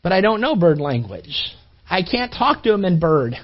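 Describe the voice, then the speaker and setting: Man playing a fed-up father yelling at a bird. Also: high voice, sing-song, normal speed. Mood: exasperated. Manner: pleading, scolding, raised voice. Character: exasperated grown father shouting at a bird. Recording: dull lo-fi recording.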